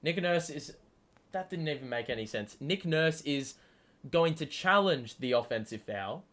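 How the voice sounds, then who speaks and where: A man's voice: a little high, unhurried. A man hosting a live basketball watchalong stream, giving play-by-play and swearing freely as he argues with the players. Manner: excitable, swears often, talks back at the players. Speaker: host. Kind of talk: live sports watchalong commentary.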